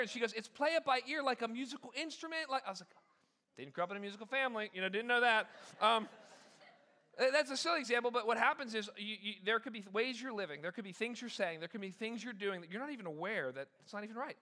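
Animated high-voiced preaching man. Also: fast talker. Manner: animated, conversational preaching with self-deprecating humor. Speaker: pastor. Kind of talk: sermon.

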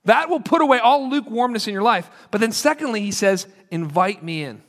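A man's voice: sits high, lively intonation, fairly quick, a bit bright. A man preaching a sermon to a congregation in an earnest, conversational way, acting out quoted lines. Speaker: pastor. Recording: long hall reverb.

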